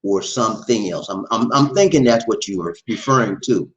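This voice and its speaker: A man's voice: lowish voice, lively intonation, brisk, poor audio. A middle-aged man hosting a casual livestream, greeting viewers by name and laughing often. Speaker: livestream host reading chat.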